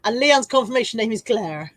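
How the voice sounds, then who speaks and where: There's no echo on this slightly high, lively, brisk voice belonging to a reseller livestream host, an Englishwoman in her forties. Reading out comments from viewers, she chats casually, often laughing and making fun of herself.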